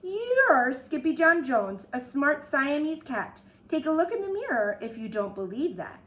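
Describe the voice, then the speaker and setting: A woman's voice: sits high, big pitch swings, unhurried, fairly bright tone, pitched above the performer's own voice, heavily acted. A woman voicing a bossy, dramatic mother cat who lectures in sing-song rhymes, reading a picture book aloud. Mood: scolding. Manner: emphatic, sing-song rhyming.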